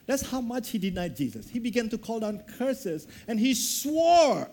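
A man delivering a sermon with a fairly high voice. He tells the story with animation, dropping low and rising high as he acts out the characters' lines. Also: very animated, measured pace, a little mellow. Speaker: preacher.

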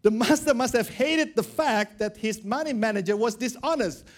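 A man's voice: very high voice, normal speed. A male pastor preaching a sermon, acting out the characters of a parable. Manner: animated, acts out characters.

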